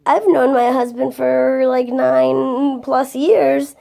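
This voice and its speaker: A woman's voice: sits high, steady tone, takes it slowly, vocal fry, mellow. A tired woman in a vlog rant, blunt and profane, swearing heavily as she vents. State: tired, yawning. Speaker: vlogger. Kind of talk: ranting vlog monologue.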